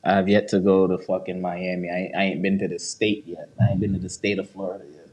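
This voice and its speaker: A man's voice: low voice, little pitch movement, fast, a little mellow. A man in a casual podcast chat, laid-back, giving short replies.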